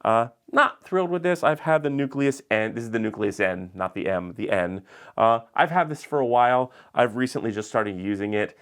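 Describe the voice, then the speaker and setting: A man's voice: medium pitch, lively intonation, normal speed, fairly bright tone, smooth. A man casually walking viewers through his studio lighting and gear, chatty and explanatory with frequent filler words. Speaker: YouTube creator showing his studio. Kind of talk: casual studio tour walkthrough.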